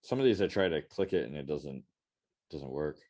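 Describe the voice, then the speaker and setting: Young male co-host, casual storyteller who keeps slipping into little character voices, lively delivery. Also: very deep voice, normal speed. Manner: animated storyteller, acts out quotes in different voices. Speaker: podcast co-host. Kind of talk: casual chat.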